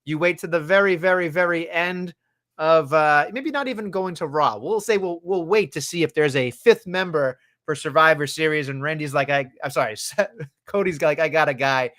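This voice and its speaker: A man's voice: on the high side, normal speed, fairly bright tone. A man co-hosting a casual wrestling podcast, talking in an exasperated, profane way. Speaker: podcast co-host.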